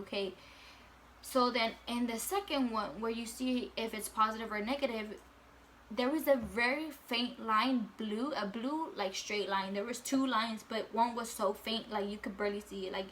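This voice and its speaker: Bright-voiced young woman telling a casual story. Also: fairly high pitch, slight background noise. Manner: casual, full of fillers and swearing. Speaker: vlogger.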